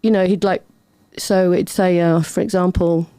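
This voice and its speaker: A woman's voice: on the low side, steady tone, normal speed, mellow, smooth, no echo. A middle-aged woman, a chatty, rambling storyteller talking as a guest in a casual interview. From Britain. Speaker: podcast guest.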